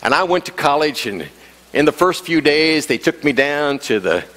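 A man's voice: on the high side, very animated, normal speed, fairly bright tone. A man preaching a sermon as the pastor, telling a story with humor, repeating himself and chuckling as he goes. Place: church sanctuary. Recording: long church hall reverb.

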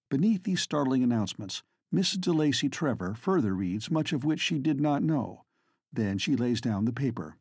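Husky-voiced male audiobook narrator. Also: mid-range voice, expressive, a little mellow, no room sound, studio quality. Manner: measured, formal reading. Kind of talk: scripted narration.

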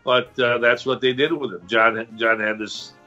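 An older man talks back through his career in an easy storytelling voice, now and then trying on little accents. His tone is bright and forceful, the sound a bit dull and lo-fi, with faint music underneath. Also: mid-range voice, moderate pace. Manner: relaxed storyteller who slips into accents. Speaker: voice actor guest. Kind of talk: interview anecdotes.

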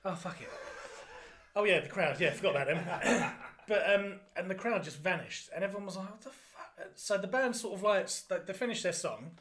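Animated man telling anecdotes. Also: sits high, fairly quick. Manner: animated anecdotes, swearing, acting out voices. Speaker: function band drummer, podcast guest. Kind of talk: casual storytelling chat.

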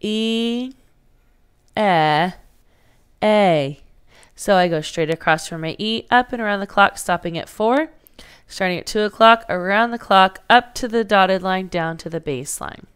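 A woman's voice: mid-range voice, moderate pace, fairly bright tone, clean tone. A woman teaching a phonics lesson to young children, patiently sounding out letters and words.

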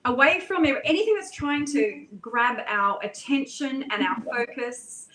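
Earnest higher-pitched woman in an echoey room. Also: measured pace, pushed and bright. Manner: earnest, flowing, with fillers and repeats. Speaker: guest. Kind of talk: casual conversational chat.

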